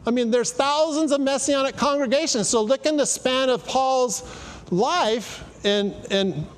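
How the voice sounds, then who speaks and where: A man's voice: extremely high pitch, measured pace, clear, resonant tone, in a large hall. A middle-aged man giving an informal, conversational sermon to a congregation, repeating phrases for emphasis and telling stories. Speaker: congregation speaker giving weekly welcome. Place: congregation sanctuary.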